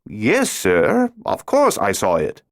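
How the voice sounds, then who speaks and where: A man's voice: lowish voice, huge pitch swings, slow pace, creaky, full character voice. A male narrator voicing a tense German officer who speaks with a German accent and guarded, stiff politeness in an audiobook.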